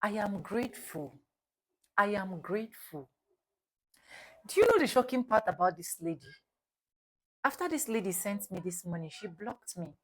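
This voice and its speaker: A woman's voice: mid-range voice, big pitch swings, moderate pace, pauses often. A young Nigerian woman vlogging, telling a story dramatically and repeating phrases for emphasis. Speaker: YouTube vlogger. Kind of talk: storytelling vlog.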